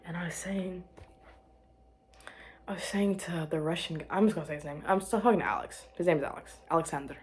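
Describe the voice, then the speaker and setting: A young woman chatting to camera about her life, rambling and restarting, giggling and dropping to quiet murmurs. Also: lowish voice, quick pace. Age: young adult. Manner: rambling, self-interrupting, giggly, drops to murmurs. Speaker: vlogger. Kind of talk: casual chat to camera.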